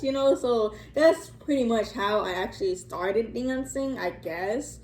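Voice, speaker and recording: Young woman chatty storytime vlog, lots of like and um, swears some, mellow tone, roomy echo. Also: on the high side, lively intonation, unhurried, few pauses. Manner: rambling, chatty, many fillers and "like"s, profane. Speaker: vlogger. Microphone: phone. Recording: echoey room, faint ambience.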